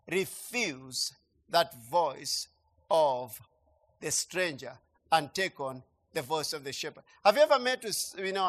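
A man preaching a sermon, emphatic and repetitive, swinging between quiet asides and loud declarations. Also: sits high.

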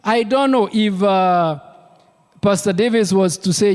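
A man's voice: high-pitched, slow pace, darkish tone, big-room sound. A man with a Kenyan accent preaching a sermon as pastor, emphatic and repeating key words for weight. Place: church.

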